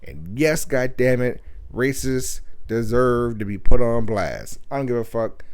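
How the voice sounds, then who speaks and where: A young man hosting a podcast, telling a profane story in an animated, loud rant full of cursing and mimicked voices. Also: mid-range voice, measured pace. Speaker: podcast host.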